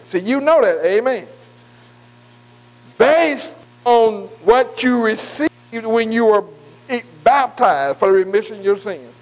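Male preacher, very high voice, emphatic sermon, call-and-response, repeats and stretches words. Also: poor audio. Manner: call-and-response, asks the congregation questions.

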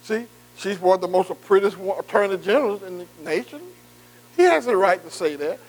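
Casting: male bible study teacher, high voice, folksy preaching with constant "see" and call-outs to listeners. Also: animated, a little fast, poor audio. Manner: repetitive "see" and "am I right", engaging the room; folksy, informal grammar. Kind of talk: conversational preaching.

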